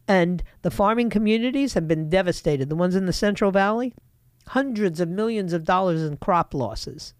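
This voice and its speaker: A woman's voice: mid-range voice, darkish tone, no echo, clean studio sound. A middle-aged woman hosting a political talk radio show, opinionated and emphatic, talking straight to her listeners.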